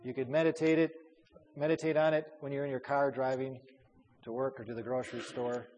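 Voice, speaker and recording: A man's voice: medium pitch, flat delivery, brisk, a little mellow, dull audio, slight background noise. A man leading a Bible study as a pastor, talking in a conversational way with fillers and repeated words. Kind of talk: informal Bible study teaching. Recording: long hall reverb.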